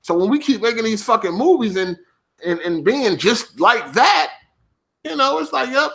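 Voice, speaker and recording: A man's voice: very high voice, normal speed, creaky. A podcast host, swearing heavily as he talks casually and snaps back at his livestream chat. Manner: profane, animated, reacting to chat.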